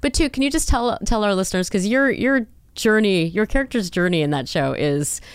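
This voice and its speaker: A woman's voice: mid-range voice, a little fast, clean tone, no echo. A woman hosting a podcast interview, playful and emphatic, casually swearing. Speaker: podcast host.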